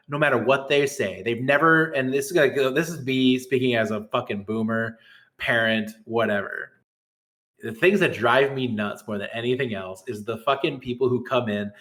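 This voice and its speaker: A man's voice: mid-range voice, fairly bright tone. A middle-aged man, a guest tournament administrator, ranting in a heated, profane and sarcastic way on a podcast.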